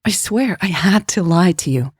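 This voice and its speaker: A woman's voice: lowish voice, animated, normal speed, darkish tone, slightly rough, dry recording, studio quality, pitched above the performer's own voice. A woman reading an audio story, voicing a ruthless woman ex-lover who insists she had to lie. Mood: pleading. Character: ruthless woman ex-lover pleading her case.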